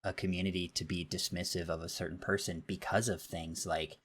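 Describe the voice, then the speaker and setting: Man, thirties, podcast co-host: very low voice, opinionated and animated. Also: a little fast, slight background noise. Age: 30s. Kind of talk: casual chat.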